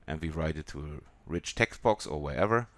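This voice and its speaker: A man with a German accent walking through a software tutorial in a halting way, with many pauses and fillers. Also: very deep voice, expressive, dry recording. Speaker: software demonstrator.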